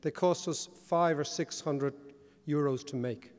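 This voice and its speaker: A man's voice: fairly high pitch, a little slow. A man with an Irish accent giving a wry, joking conference speech as keynote speaker. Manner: wry, joking, animated delivery. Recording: long reverb of a large hall.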